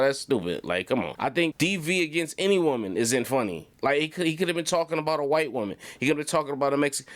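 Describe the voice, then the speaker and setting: A commentary channel host delivers blunt reactions in a casual, conversational manner. His smooth, resonant, mid-range voice is recorded close and dry with no room sound. He often circles back to repeat a phrase and drive the point home.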